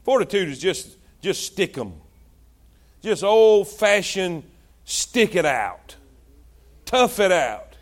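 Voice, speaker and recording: A man preaching a sermon in a high voice that climbs and dips constantly. He shouts his points, then drops to hushed asides, and keeps calling out to the congregation for responses. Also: big pitch swings, slow, pauses often. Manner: swings between shouted exhortation and low, hushed asides. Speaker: pastor.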